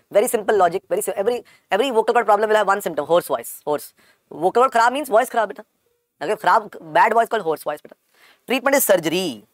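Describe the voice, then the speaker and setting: A man's voice: high-pitched, no echo. A man with an Indian accent giving a medical exam-prep lecture, repeating every key point several times and calling his students "beta".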